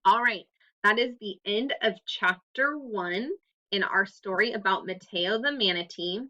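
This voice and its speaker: A woman teacher giving a recorded reading lesson to young students, explaining clearly and patiently. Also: medium pitch, unhurried, bright, forceful tone. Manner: clear, patient read-aloud instructions. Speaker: third-grade teacher. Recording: dull lo-fi recording.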